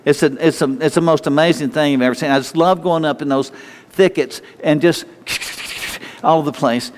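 A man's voice: a little high, normal speed. A man preaching an informal sermon in a rambling, repetitive way, often restarting his sentences. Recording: long hall reverb.

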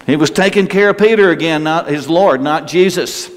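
A man preaching a sermon in a conversational way, asking his listeners questions and leaving pauses. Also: on the high side. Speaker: pastor. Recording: long hall reverb.

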